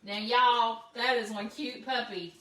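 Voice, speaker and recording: Bright-voiced woman off-mic. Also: fairly high pitch, fairly even intonation, unhurried, distant mic, a little hiss or hum. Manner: cheerful, laughs often. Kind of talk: casual chat. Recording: roomy sound, away from the mic.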